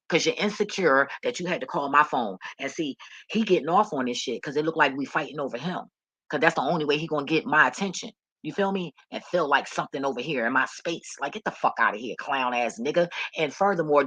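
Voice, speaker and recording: Woman vlogger blunt profane rant, forceful bright voice, dry close sound. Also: low-pitched, husky, dry recording.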